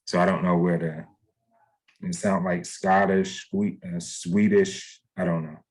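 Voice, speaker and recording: A man's voice: deep voice, little pitch movement, normal speed, husky, poor audio. A man giving a casual spiritual reading as a psychic medium, talking hesitantly and rambling with many fillers.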